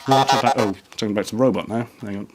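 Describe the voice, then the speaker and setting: A man's voice: lowish voice, steady tone, racing, loud music behind the voice. Dry-humoured man reviewing gadgets. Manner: dry, self-mocking asides. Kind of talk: casual gadget review vlog.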